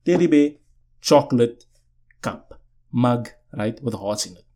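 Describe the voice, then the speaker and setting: A man's voice: mid-range voice, animated, a little slow, warm tone. Chatty young man telling a story. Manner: chatty, keeps saying "you know what I'm saying". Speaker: podcast host. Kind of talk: casual storytelling. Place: indoors, seated.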